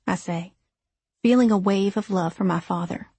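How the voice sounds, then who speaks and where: Husky woman reading a first-person story. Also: on the low side, moderate pace, a little mellow, no room sound. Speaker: audiobook narrator. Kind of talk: first-person audiobook narration.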